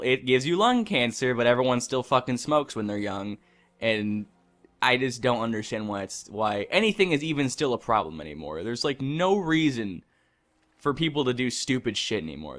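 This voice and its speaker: A man's voice: mid-range voice, fairly bright tone. A young man hosting a gaming channel, chatting casually and ranting with lots of swearing while he plays. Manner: ranting, profane, rambling. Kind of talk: casual let's-play commentary.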